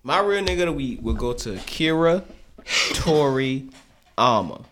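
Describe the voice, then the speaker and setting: Excitable young man with a lively voice. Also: mid-range voice, a little slow, a little hiss or hum. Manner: excitable, loud bursts of laughter and yelling. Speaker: podcast co-host. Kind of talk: casual profane chat.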